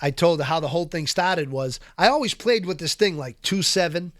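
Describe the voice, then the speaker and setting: Animated, profane storytelling man. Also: on the high side, brisk, no echo, studio quality. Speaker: podcast guest. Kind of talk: casual storytelling interview. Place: podcast studio.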